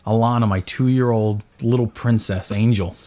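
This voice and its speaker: A thirties-aged man hosting a podcast tells a story in casual conversation, his voice lowish and his speed normal. He's animated, acting out his own yelling in quotes.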